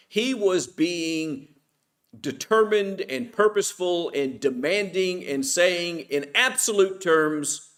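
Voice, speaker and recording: A middle-aged man with a fairly high voice leads a Bible study class at church. His teaching is informal and conversational, and he keeps asking the class questions that he then answers himself.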